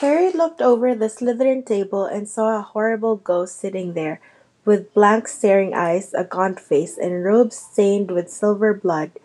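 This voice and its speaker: A woman narrating a children's novel chapter aloud in a steady storytelling manner. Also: medium pitch, unhurried. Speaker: reader. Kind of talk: audiobook narration.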